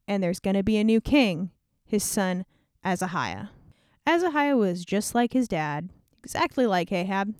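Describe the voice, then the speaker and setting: A woman's voice: mid-range voice, clean tone, no echo, studio quality. A woman casually retelling an old scripture story in a slangy, irreverent way, peppered with "like". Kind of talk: casual comedic Bible retelling.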